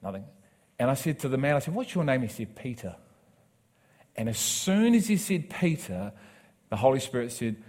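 A man preaching a sermon, telling a personal story with acted quotes and building to loud, emphatic preaching. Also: medium pitch, sing-song, moderate pace, pauses often.

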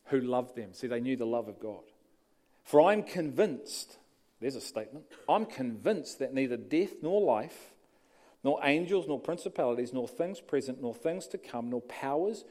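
A man preaching a sermon, shifting between quiet passages and emphatic lines. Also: medium pitch.

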